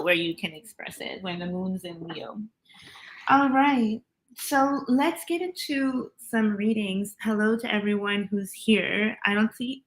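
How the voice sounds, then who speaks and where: A woman's voice: a little high, fairly bright tone. A woman hosting a tarot reading livestream, chatting casually, laughing often and greeting viewers by name.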